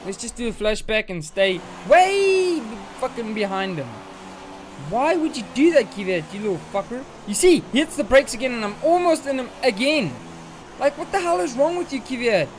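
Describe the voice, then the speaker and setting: A man's voice: extremely high pitch, very animated, moderate pace, slight background noise. Swearing, frustrated young male gamer. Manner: frustrated, swearing ranting at an opponent. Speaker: gaming channel host. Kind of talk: racing game commentary.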